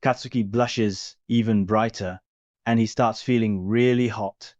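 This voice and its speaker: Low-voiced man narrating a story. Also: steady tone, measured pace, a little mellow, dry recording, highs cut off. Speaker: reader.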